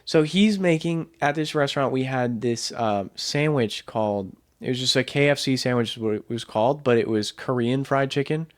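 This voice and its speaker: A man's voice: medium pitch, normal speed, hardly any pauses. A young man co-hosting a casual sibling podcast, telling a rambling funny story and laughing along. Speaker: podcast co-host. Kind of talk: casual chat.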